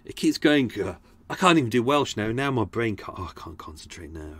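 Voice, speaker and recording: A man's voice: on the low side, big pitch swings, a little fast, breathy edge, no echo. A man hosting a podcast, chatting casually in a rambling, sweary and self-mocking way. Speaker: podcast host. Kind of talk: casual chat.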